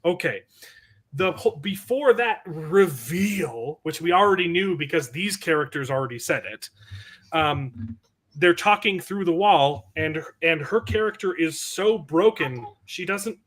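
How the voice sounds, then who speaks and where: A man's voice: on the high side, expressive, a bit bright. Guy rambling about a fantasy show from his desk at home, keeps correcting himself. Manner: rambling, quick self-corrections. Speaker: podcast panelist. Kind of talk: casual fan discussion.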